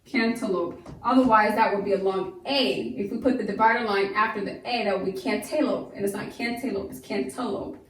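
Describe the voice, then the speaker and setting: A woman teaching a phonics lesson, slowly sounding out the syllables of words. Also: mid-range voice, steady tone, fairly bright tone, far from the mic, slight background noise. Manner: slow, stretched sounding-out of syllables. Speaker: homeschool teacher. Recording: echoey room, voice off-mic.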